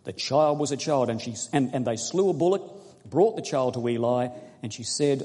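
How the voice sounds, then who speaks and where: Man, preacher, mellow husky voice, long hall echo. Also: mid-range voice, expressive. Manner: earnest, quizzing the congregation, reading scripture slowly. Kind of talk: sermon. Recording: echoey hall recording.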